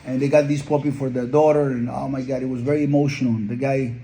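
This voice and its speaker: A man's voice: medium pitch, level tone, quick pace, dark tone, slight background noise, poor audio. A man, a dog breeder, telling heartfelt stories in an earnest, conversational interview. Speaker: pit bull breeder.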